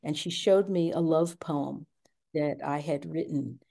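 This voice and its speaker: A woman's voice: low-pitched, a little slow, gravelly, warm tone. An older woman candidly recounting her family's past in an interview, reflective and speaking in her own words. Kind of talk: personal storytelling interview.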